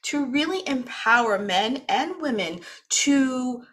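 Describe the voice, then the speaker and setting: Chatty woman hosting a wellness livestream, bright voice, talks a lot and laughs easily. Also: sits high, expressive, slow pace. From East Coast of the United States. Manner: chatty, talkative, laughs often. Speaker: wellness program host. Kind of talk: casual livestream introduction.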